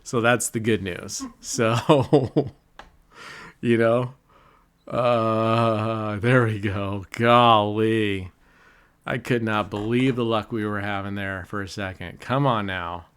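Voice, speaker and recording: Slow-talking joking man calling roulette. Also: fairly low pitch, steady tone, a bit bright, clear, resonant tone. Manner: joking, chatty, laughs often; cheers and groans at results. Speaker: casino vlogger. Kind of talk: casual live commentary.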